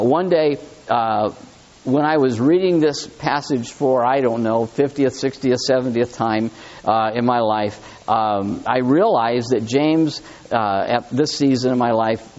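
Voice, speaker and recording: A man preaching a sermon in a conversational, animated way, reading scripture aloud and talking it through with his listeners. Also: mid-range voice, measured pace, dull audio. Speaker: pastor.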